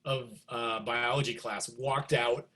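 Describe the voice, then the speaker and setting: A middle-aged man, a guest musician, telling stories in a casual interview and acting out quotes with big jumps in pitch. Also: fairly even intonation, slow, bright, forceful tone.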